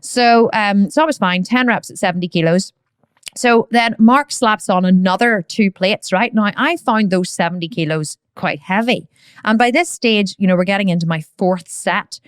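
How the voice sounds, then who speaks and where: A woman hosting a podcast, telling a story in a chatty, animated way with plenty of fillers and acted-out shouts. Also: mid-range voice, moderate pace, clear, resonant tone, no echo, clean studio sound. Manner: chatty, frequent fillers like "you know" and "right". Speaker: podcast host.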